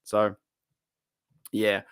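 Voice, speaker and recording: A man's voice: very slow, no room sound, studio quality. A man with an Australian accent hosting a casual live stream, rambling and chatty, reading out chat and laughing often.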